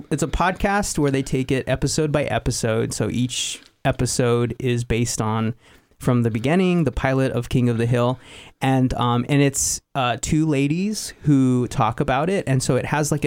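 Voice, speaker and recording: A man's voice: medium pitch, darkish tone, dry recording. A young man hosting a podcast, chatting casually and rambling with many fillers. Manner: rambling, easygoing, frequent fillers. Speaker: podcast host. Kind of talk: casual chat.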